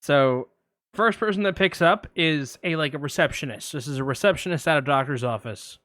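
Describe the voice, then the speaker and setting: A man co-hosting a podcast, telling a story in a casual, animated way with lots of fillers. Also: a little high, a little fast, no echo, studio quality. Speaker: podcast co-host. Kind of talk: casual chat.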